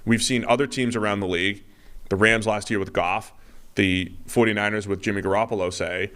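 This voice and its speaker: A man's voice: lowish voice, steady tone, brisk, a bit bright. A man co-hosting a casual sports podcast, rambling and mimicking hesitant noises to make a point. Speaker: podcast co-host.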